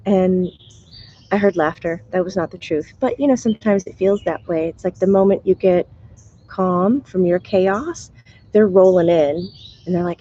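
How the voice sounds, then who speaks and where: On a muffled recording, a woman with a lowish, dark-toned voice talks in an unhurried way with frequent pauses. Hosting a live stream as a spiritual medium, she chats easily with viewers, sounds sleepy in her morning voice, and laughs often.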